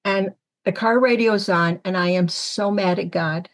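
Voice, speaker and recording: A woman's voice: medium pitch, measured pace. A woman from the Syracuse area, a medium on a panel, telling personal stories and acting out the lines of people in them. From Syracuse, New York area. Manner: animated storyteller acting out quoted lines. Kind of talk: storytelling on a panel podcast.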